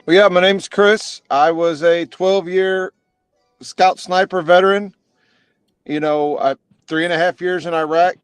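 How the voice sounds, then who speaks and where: A man's voice: high voice, steady tone, measured pace, smooth, dry recording, soft background music. A man, a military veteran, talking as a webinar guest in a laid-back, matter-of-fact way. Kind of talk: casual chat.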